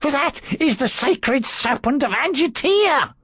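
A man putting on a pompous, high-voiced priest. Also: lively intonation, fairly bright tone, no room sound, heavily acted. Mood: protesting. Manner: high, drawn-out and complacent. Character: pompous solemn male priest, indignant when crossed. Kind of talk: audiobook character voice.

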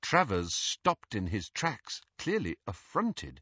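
Husky man narrating with lively pitch. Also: measured pace, hardly any pauses, no room sound, highs cut off. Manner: expressive reading, vivid delivery. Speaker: audiobook narrator. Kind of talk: audiobook narration.

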